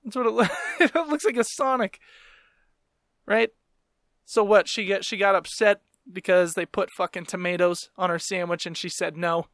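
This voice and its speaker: Male comedian host, high voice, swearing constantly, animated rant, dry close recording. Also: normal speed, no echo. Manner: profane, animated, ranting, laughing asides. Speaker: podcast host and stand-up comedian.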